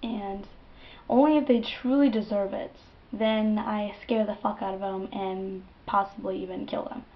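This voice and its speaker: A young woman quoting a calm, faceless male creature in a quiet, even voice while retelling a dream. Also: medium pitch, a little slow, dull audio, close to an everyday voice.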